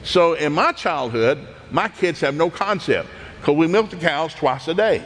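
A middle-aged man from East Tennessee, telling animated, folksy stories from his childhood, laughing often and acting out voices. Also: fairly high pitch, measured pace, in a large hall. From East Tennessee, USA. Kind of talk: folksy anecdotal storytelling.

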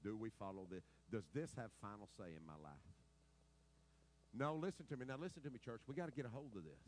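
A middle-aged man preaching a sermon, telling stories dramatically and swinging between loud outbursts and quiet, low stretches. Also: animated, fast talker, a little hiss or hum, poor audio. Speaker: pastor.

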